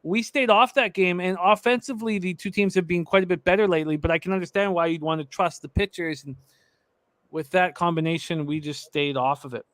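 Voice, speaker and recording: A man's voice: sits high, steady tone, a little fast, a bit bright, dry recording. A man hosting a live sports betting show, talking casually with restarts and reading viewer comments aloud.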